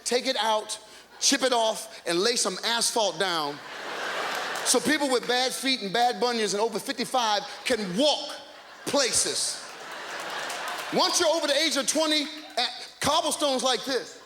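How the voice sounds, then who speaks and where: A man from the United States doing stand-up, ranting loudly and in exasperation to a live audience. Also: very high-pitched, animated, unhurried. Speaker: stand-up comedian. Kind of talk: stand-up comedy set. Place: comedy club stage, live audience. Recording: echoey live hall with crowd and noise.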